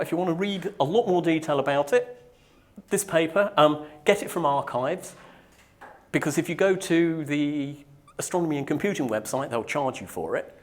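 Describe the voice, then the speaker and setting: A man from Norfolk, giving a technical conference talk to a live audience in a joking, self-deprecating way. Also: fairly high pitch. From Norfolk, England. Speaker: conference speaker.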